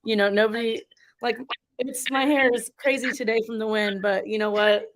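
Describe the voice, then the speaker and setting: A woman host on a video call with a fairly high voice. She encourages her guests and agrees often. Her talk is loose and casual. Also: steady tone, moderate pace, poor audio. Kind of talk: casual chat.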